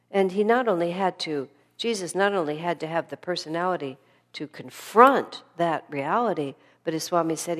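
A woman giving a spiritual class lecture, telling stories in an earnest, animated way. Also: fairly low pitch. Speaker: spiritual teacher.

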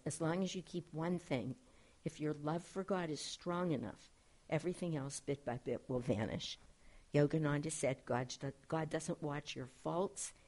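A middle-aged woman, a spiritual director, giving an earnest, gentle talk to a class and reading quotations aloud. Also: low voice.

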